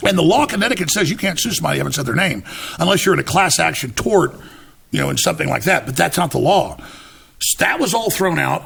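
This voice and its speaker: A man's voice: a little high, gravelly, a bit bright, breathy edge. A man as an interview guest, telling his story emphatically, restarting words and acting out what others said. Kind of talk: animated storytelling in conversation.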